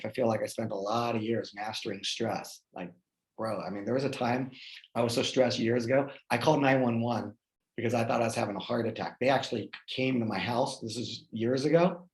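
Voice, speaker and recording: A man talking casually as a guest, telling personal stories in an animated way and often checking in with "right?". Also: mid-range voice, a little fast, rough recording. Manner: animated, lots of restarts and "right?" tags. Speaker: guest speaker. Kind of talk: casual conversational storytelling.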